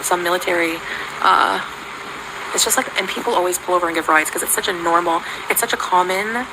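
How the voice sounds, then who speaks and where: A woman chatting casually in a rambling, halting way, full of fillers and restarts. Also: on the low side, vocal fry. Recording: loud background noise.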